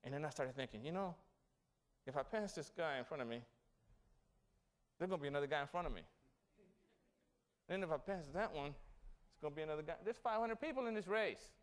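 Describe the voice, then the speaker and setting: A man's voice: on the high side, fairly quick, pauses often. A man giving a motivational graduation speech, telling stories and asking the audience questions. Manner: animated storytelling, asks the audience questions. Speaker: graduation guest speaker. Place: city hall event.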